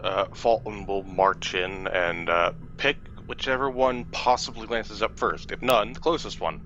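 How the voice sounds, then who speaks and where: A man's voice: fairly low pitch, measured pace, a bit bright, highs cut off, soft background music. A man playing in a tabletop game over voice chat, matter-of-fact and decisive. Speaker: player.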